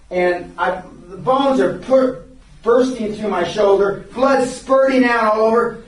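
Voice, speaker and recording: An older man speaks with a fairly high voice, telling blunt, profane stories to a seminar room and often breaking off to restart his sentences. He is captured from a distance, and the room's strong echo rings around every line. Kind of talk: live seminar storytelling. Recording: very echoey room, recorded from far off.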